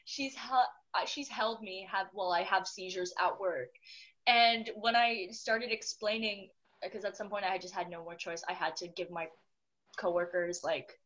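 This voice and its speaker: A young woman chatting casually, an animated storyteller who laughs often. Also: medium pitch, moderate pace, muffled recording. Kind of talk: casual chat.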